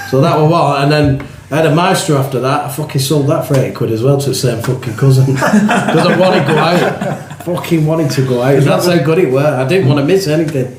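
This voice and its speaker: A man's voice: medium pitch, a little fast, few pauses. Roomy, laughing Bolton man. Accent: Bolton, Lancashire. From England. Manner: swears freely, laughs through stories. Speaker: musician guest. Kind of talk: casual pub-style chat. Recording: roomy echo, faint background noise.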